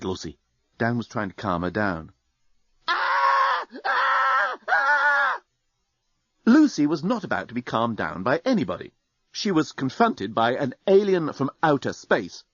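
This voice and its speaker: A man narrating an audiobook with expressive storytelling. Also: mid-range voice, slightly rough, no room sound. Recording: dry, dull studio recording.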